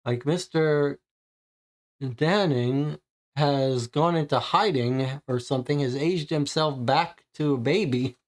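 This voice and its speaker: A man's voice: a little high, slow pace. A man playing a co-op mystery board game, reading the case entries and thinking aloud, puzzled about the clues. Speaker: game player and host.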